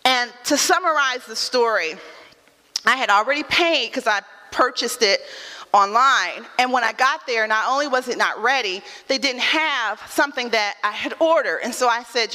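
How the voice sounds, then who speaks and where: A woman's voice: on the high side, normal speed, sharp tone, long reverb tail. A woman pastor preaching a sermon, repeating lines with rising calls and telling stories in a casual tone.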